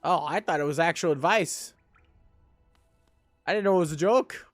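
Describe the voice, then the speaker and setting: A man's voice: fairly high pitch, normal speed, no room sound, faint music behind. A young man streaming a game live, joking about himself and chatting with his viewers. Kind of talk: live gameplay chat.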